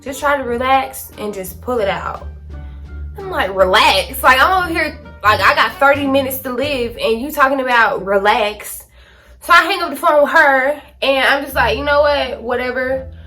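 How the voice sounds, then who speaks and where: Animated teenage woman telling a story. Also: high-pitched, normal speed, soft background music. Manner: dramatic, animated storytelling with slang. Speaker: vlogger. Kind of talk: casual storytime to camera. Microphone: phone camera.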